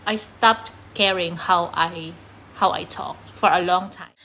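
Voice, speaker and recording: A woman's voice: lowish voice, fairly even intonation, a little slow, pushed and bright, slight background noise, rough recording. A woman from the Philippines with a Filipino accent mixed with American, British and Australian traces, a vlogger talking candidly and rambling, laughing often. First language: Tagalog. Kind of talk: casual talk to camera.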